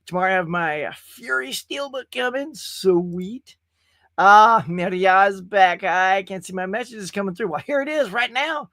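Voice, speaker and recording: A man's voice: high-pitched, a little slow, sharp tone, dry recording, clean studio sound. A man hosting a casual livestream show, chatting in a rambling way and reading viewer messages aloud. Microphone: webcam stream setup.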